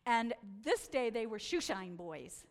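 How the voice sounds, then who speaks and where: A woman telling stories from a slideshow talk, animated and acting out the voices she quotes. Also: fairly high pitch, a little slow, in a large hall. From United States. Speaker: speaker presenting photos.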